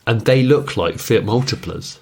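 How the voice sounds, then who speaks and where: A man's voice: lowish voice, normal speed, gravelly, husky. A man co-hosting a podcast, chatting casually and enthusiastically, often restarting his sentences. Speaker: podcast co-host. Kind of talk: casual chat.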